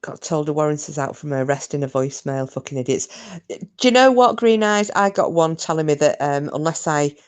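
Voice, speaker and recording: A woman's voice: low-pitched, expressive, a little fast, smooth. Chatty British woman hosting a livestream. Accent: British English. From United Kingdom. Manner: chatty, swears freely, mocking. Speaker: livestream host. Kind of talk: casual live chat with viewers.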